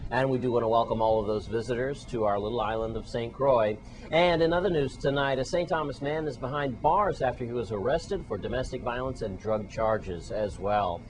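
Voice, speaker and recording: Steady male news anchor. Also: medium pitch, a little fast, low-quality recording. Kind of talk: scripted news reading.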